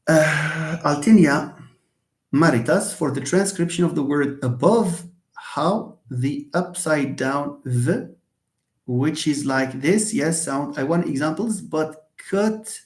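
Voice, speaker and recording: Moroccan guy teaching english sounds live, kinda high voice, repeats words a lot, echoey room. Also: slow. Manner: repeats words, models pronunciation aloud. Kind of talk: live online lesson with questions.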